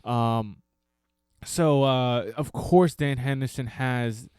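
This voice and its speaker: A man's voice: mid-range voice, slow pace, smooth, no echo, studio quality. A man co-hosting a casual fight podcast, telling stories with energy and acting out the people he quotes. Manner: animated storyteller, acts out quotes. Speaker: podcast co-host. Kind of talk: casual chat.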